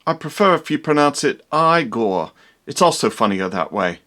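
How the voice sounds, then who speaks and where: A man voicing a cheeky, bug-eyed hunchbacked servant in a low, gruff wisecracking voice. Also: very animated, moderate pace, pushed and bright.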